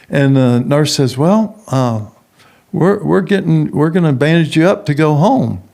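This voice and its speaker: A middle-aged man with a gravelly, fry-edged voice tells a personal story as a podcast guest. He talks in an animated way and acts out the doctors, nurses and others he quotes. His pitch sits in the middle for a man. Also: measured pace. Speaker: guest, prison ministry founder.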